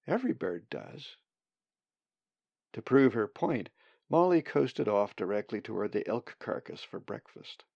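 A man narrating a story in a calm, measured way. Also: fairly low pitch, gravelly, slightly rough, dry recording, lo-fi sound. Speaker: audiobook narrator. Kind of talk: scripted narration.

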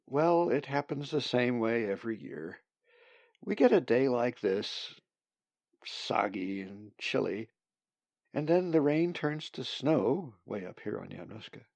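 A man voicing a gentle, patient female raven who soothes a young bird. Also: mid-range voice, sing-song, measured pace, gravelly, dry recording, exaggerated voice. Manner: soothing, reassuring.

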